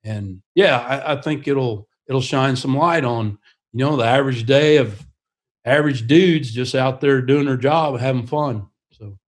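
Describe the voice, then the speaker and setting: A man's voice: mid-range voice, unhurried. A man who pilots attack helicopters, a podcast guest telling his stories in an earnest, casual way and laughing often.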